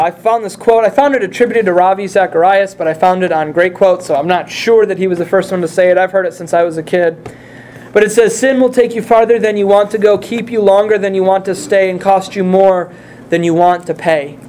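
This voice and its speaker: A man's voice: high voice, darkish tone, slight background noise. A male pastor preaching a sermon, speaking earnestly and putting direct questions to his congregation.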